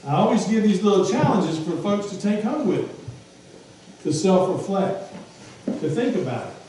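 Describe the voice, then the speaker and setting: A man's voice: high voice, animated, moderate pace, mellow, slight background noise. A male pastor preaching a sermon in a church, with emphatic repetition and rhetorical questions. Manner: emphatic, repeats phrases, asks rhetorical questions. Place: church sanctuary. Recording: echoey hall from far off.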